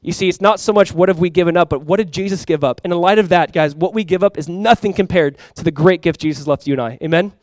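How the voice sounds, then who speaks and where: Male pastor preaching fast, fairly high voice, chatty but emphatic, dry close sound. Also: darkish tone, no echo. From California. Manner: conversational, emphatic preaching with asides and invitations. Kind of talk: sermon.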